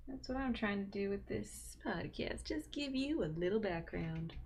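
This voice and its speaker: A woman's voice: medium pitch, expressive, normal speed, gravelly, few pauses, darkish tone, husky. A woman hosting a drawing livestream from home, chatting casually to herself and her viewers as she works, sometimes dropping into a whisper. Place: home room.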